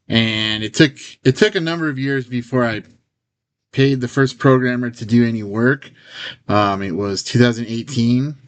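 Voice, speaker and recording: Rambling man telling a story to his camera. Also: lowish voice. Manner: rambling and anecdotal, with fillers and nervous laughs. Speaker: software founder telling a personal story. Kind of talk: casual storytelling vlog to camera. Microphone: own camera.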